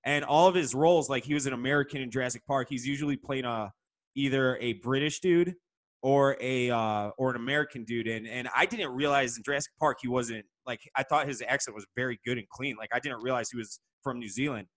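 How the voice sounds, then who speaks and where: A man on a podcast holds forth at length in an ordinary mid-range voice, opinionated and profane. He talks in a steady, casual way. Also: medium pitch, fairly quick. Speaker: podcast co-host.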